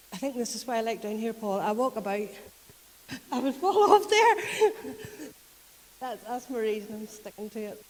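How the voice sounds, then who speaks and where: A woman's voice: on the high side, in a large hall, low-quality recording. A woman with a Northern Irish accent preaching a conversational sermon, retelling a story in a chatty way and often laughing. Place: church.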